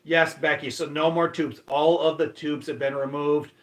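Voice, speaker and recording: Speaking at a normal speed, this Michigan livestream host has a fairly high voice with little pitch movement. He keeps things casual, reading viewer comments and greeting viewers by name.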